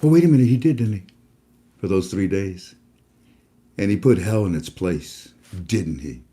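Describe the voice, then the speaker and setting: A man's voice: lowish voice, lively intonation, normal speed, mellow. A man hosting an online talk, speaking casually and preachily about faith, rambling with many fillers and restarts. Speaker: host. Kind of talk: casual religious talk to viewers.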